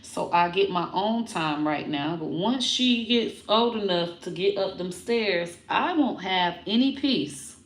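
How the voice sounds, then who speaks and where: A woman vlogging casually to her viewers, animated and breaking into high baby talk with her dog. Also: unhurried, few pauses, echoey room. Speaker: comedian vlogger talking about her puppy.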